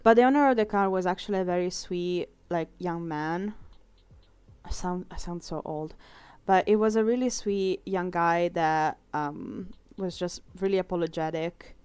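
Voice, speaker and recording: Chatty young woman, smooth clear voice. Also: on the low side, moderate pace, darkish tone, no echo. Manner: chatty and rambling, swears casually, laughs often. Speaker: artist streaming a drawing session. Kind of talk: casual chat while drawing.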